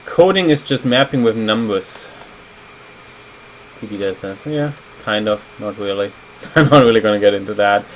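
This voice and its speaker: A man's voice: lowish voice, lively intonation, normal speed, low-quality recording. A man in his thirties streaming as a level designer, chatting casually and rambling while he reads viewer comments aloud. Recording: faint air-conditioning hum.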